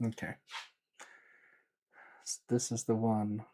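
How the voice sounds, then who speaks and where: A man's voice: fairly low pitch, completely flat delivery, slow pace, mellow, poor audio. A man from Sweden chatting casually with his live chat while repairing electronics, often muttering to himself as he works.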